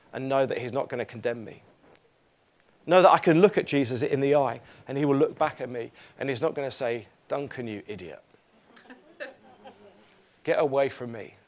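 Guy preaching in a church, earnest, keeps repeating lines for emphasis, average pitch. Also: normal speed. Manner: earnest, emphatic repetition, reading scripture aloud. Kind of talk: sermon.

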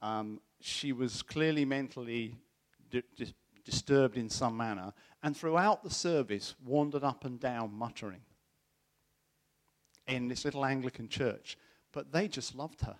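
Unhurried and mid-range in voice, a middle-aged man preaches a sermon. He relates a personal story in an animated style, acting out the voices of those he's quoting.

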